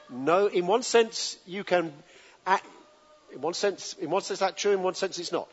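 High-voiced preacher in an echoing church hall. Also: male voice, moderate pace. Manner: conversational, asks the congregation to answer back. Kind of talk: sermon. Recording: dull lo-fi recording with long hall reverb.

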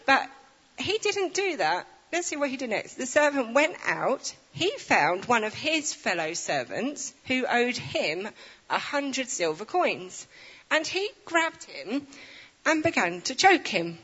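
A woman giving an informal, chatty sermon, reading scripture aloud with animated storytelling and self-deprecating asides. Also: high voice, takes it slowly, husky. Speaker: preacher. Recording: reverberant, dull lo-fi sound.

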